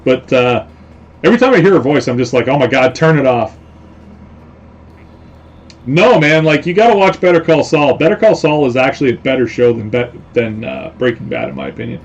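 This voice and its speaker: This middle-pitched host runs a relaxed live stream, rambling loosely, full of filler words and recycled stock phrases. He's expressive and talks fast, and the sound comes through somewhat muffled and dull.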